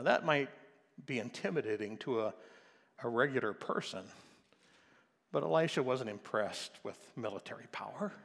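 A male pastor preaching a sermon, swinging from quiet explanation to loud, emphatic passages. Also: medium pitch, creaky, slightly rough, long reverb tail. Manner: preaching with rising intensity, shifting from quiet to loud.

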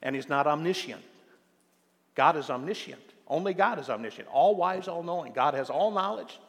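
Older male pastor, gravelly, emphatic sermon delivery, long reverberant hall. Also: on the high side, lively intonation. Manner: emphatic preaching with slow stressed phrases and many fillers.

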